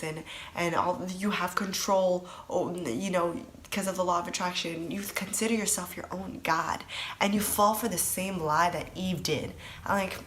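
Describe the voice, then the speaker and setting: A woman's voice: lowish voice, fairly bright tone, slight background noise. Earnest young woman, rambling testimony. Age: young adult. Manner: earnest, rambling with many fillers and restarts. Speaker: testimony speaker. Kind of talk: personal testimony.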